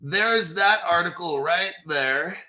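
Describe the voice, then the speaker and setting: Slow-paced and high-voiced, with a pushed, bright sound, a man runs a live crypto show. He reads articles and swears casually while trading banter with himself.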